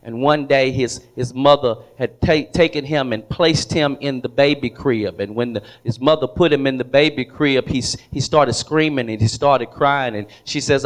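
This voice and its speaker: A man's voice: mid-range voice, normal speed, few pauses. A man preaching a sermon to a congregation, telling a story and asking the room questions. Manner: storytelling preacher who repeats words and asks the congregation questions. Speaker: pastor. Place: church hall with congregation.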